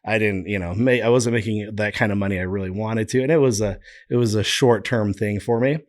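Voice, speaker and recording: A man on a podcast, a guest chatting casually and telling lively stories, now and then slipping into quick impressions. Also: on the low side. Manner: lively storyteller who slips into impressions. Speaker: podcast guest, business founder. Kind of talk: casual storytelling interview.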